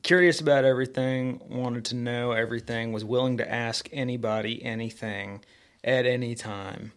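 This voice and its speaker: A man's voice: medium pitch, steady tone, normal speed. A young adult man answering interview questions candidly and with self-deprecating humor. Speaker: guest.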